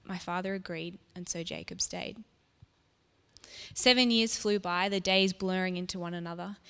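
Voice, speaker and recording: A woman telling a story in the first person, soft and reflective, as if confiding in the listener. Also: on the low side, steady tone, moderate pace, smooth. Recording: long reverb.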